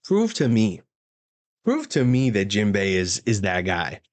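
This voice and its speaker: A man's voice: fairly low pitch, wildly swooping pitch, a little slow. A man hosting a live manga reaction, reading the dialogue aloud and reacting with casual, slangy, profane comments.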